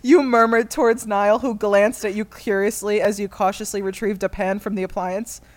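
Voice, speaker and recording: A woman's voice: mid-range voice, steady tone, moderate pace. A woman reading fan fiction aloud to friends, often breaking into laughter as she goes. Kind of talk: comedic dramatic reading.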